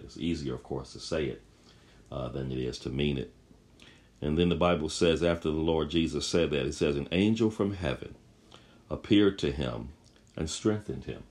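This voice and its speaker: Man, very low voice, sermon, emphatic scripture reading, repetitive. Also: a little mellow. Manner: emphatic, repeats phrases, rises when reading scripture. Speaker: preacher.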